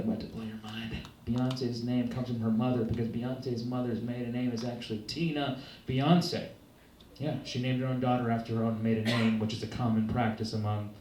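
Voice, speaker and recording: A young man doing a stand-up set on a club stage, telling deadpan, self-deprecating stories. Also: mid-range voice, slight background noise. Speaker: stand-up comedian. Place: comedy club stage, live audience. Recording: roomy live club recording from far off. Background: audience laughter.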